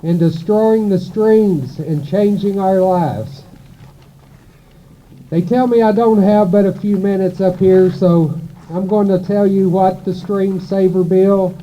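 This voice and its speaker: A man's voice: high-pitched, steady tone, highs cut off, a little hiss or hum. A man giving a prepared speech at a rally, nervous and earnest. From Kentucky. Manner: nervous, reads slowly and earnestly. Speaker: local resident speaking at a rally.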